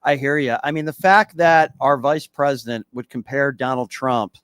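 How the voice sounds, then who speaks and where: A man's voice: mid-range voice, moderate pace, fairly bright tone, clean tone, no room sound. Pointed male talk radio host. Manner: pointed, presses callers with repeated questions.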